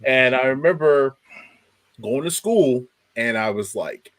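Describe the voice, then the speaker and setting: A man from South Jersey talks on a casual sports podcast, his pitch swinging up and down as he tells a story. He repeats words and laughs often. The recording is dry and close. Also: lively intonation, slow pace, no echo. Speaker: podcast co-host.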